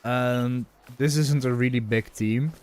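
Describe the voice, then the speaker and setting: A man's voice: mid-range voice, steady tone, slow, smooth. A young man casually commenting on a hunting game while chatting with his viewers, musing aloud in a rambling, conversational way. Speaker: gaming streamer.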